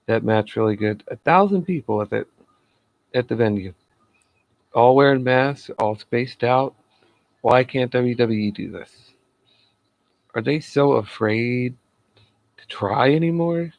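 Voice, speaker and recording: A man's voice: mid-range voice, a little slow, creaky, pauses often, dry recording, dull audio. A man giving a casual solo review of a wrestling show, chatty and laughing at his own jokes.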